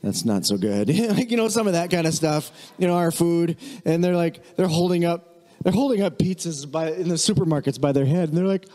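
A man preaching a casual, chatty sermon as pastor, animated and mimicking voices now and then. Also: fairly high pitch, brisk, long reverb tail. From United States.

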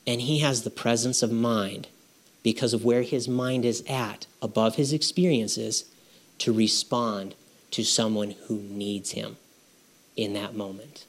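A man delivers a sermon in a relaxed, conversational way, as if talking one-on-one with his congregation. His voice sits in an ordinary middle pitch, and he keeps tagging his points with "right?" and "okay?" to pull listeners along. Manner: conversational preaching, frequent "right?" and "okay?" checks. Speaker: pastor.

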